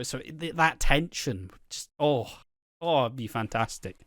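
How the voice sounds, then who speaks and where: A man's voice: medium pitch, lively intonation, a little slow, a bit bright, no echo, clean studio sound. A man casually talking through soap opera theories, rambling and swearing freely. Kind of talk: casual chat.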